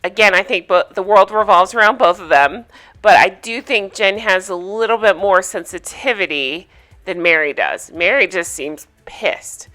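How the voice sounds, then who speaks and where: A woman's voice: medium pitch, normal speed, bright, forceful tone, faint music behind. A woman hosting a casual recap vlog, chatty and opinionated, sharing gossipy takes. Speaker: reality TV recap host.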